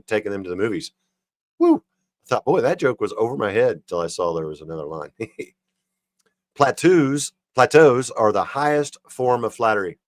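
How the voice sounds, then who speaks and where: Low-voiced man reading jokes, dry sound. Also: no echo. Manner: reads jokes then chuckles and comments on them. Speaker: livestream host. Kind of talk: reading jokes aloud on a livestream.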